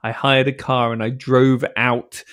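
A man's voice: medium pitch, flat delivery, measured pace, a bit bright. Chatty british man, enthusiastic. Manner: enthusiastic, laughing often. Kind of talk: casual chat.

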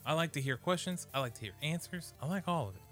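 A man's voice: on the high side, animated, fast talker, a bit bright, soft background music. A man co-hosting a casual podcast who talks in an easygoing, rambling way with many fillers. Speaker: podcast co-host. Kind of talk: casual chat.

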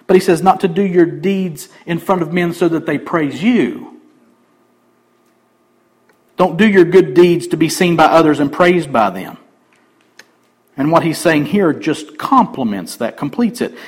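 A man pastor preaching a sermon emphatically, swinging between loud declarations and quiet asides. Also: on the high side, measured pace, pauses often, husky, rough recording.

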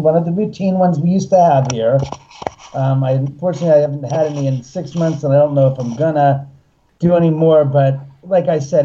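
A man's voice: a little high, warm tone, dull audio. A man telling a story with emphatic, heated energy and sometimes cursing, as a guest on a talk show. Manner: emphatic, heated retelling with acted-out quotes and cursing. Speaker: guest, haunted house owner. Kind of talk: animated storytelling on a phone-in show.

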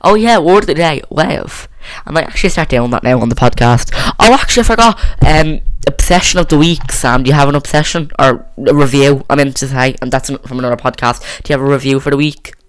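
A teenage podcast host chatting casually, rambling with lots of restarts, close on a boom mic. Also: fairly quick, few pauses, smooth. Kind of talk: casual chat. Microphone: boom mic on a stand.

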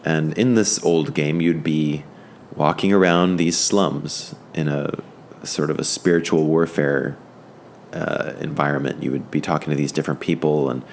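A man with a very deep, low voice teaches an informal Bible lesson. He talks fervently but halts often and restarts his sentences. Faint ambience sits behind him. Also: fairly even intonation, a little hiss or hum. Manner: rambling and halting, with many fillers and restarts; fervent, enthusiastic.

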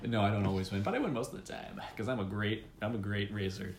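A man's voice: fairly low pitch, quick pace. A man chatting casually as a podcast co-host, telling a rambling story with lots of fillers, laughs and quoted voices. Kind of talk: casual chat.

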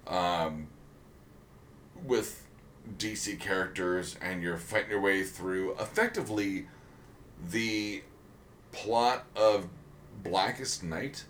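Man, casual podcast chat, rambling, lots of ums, slow talker, lowish voice. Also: a bit bright, slight background noise. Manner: rambling, many ums and restarts. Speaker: podcast co-host.

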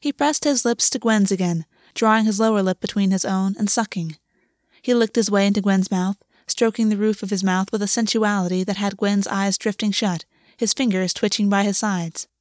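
A woman narrating a story aloud in a steady, even reading voice. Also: mid-range voice, normal speed, no room sound, studio quality. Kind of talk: audiobook reading.

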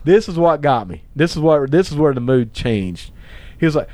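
A man's voice: mid-range voice, expressive, fairly quick, a little mellow. A man co-hosting a podcast, telling a story in casual chat, laughing often, swearing and acting out his friends' lines. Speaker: podcast co-host.

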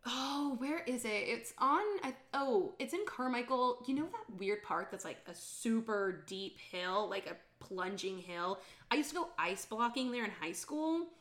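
A young woman with a bright, slightly high voice tells a story in a relaxed podcast chat. Her pitch swings widely as she acts out what people said, and she laughs often. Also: a little slow. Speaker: podcast co-host. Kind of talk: casual chat.

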